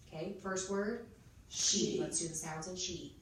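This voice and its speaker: Low-voiced woman teacher in an echoey room. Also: fairly even intonation. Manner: chatty, explains step by step, models drills slowly. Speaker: reading teacher and trainer. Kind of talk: teacher training workshop. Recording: echoey room, mic far off, noisy.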